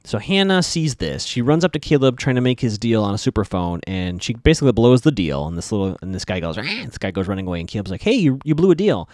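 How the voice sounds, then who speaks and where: A man's voice: fairly low pitch, animated, quick pace, hardly any pauses, darkish tone, no echo. Guy recapping a tv episode, voice bounces up and down a lot, dry close sound, chatty and wry. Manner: chatty, wry asides, many fillers. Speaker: podcast host recapping a TV episode.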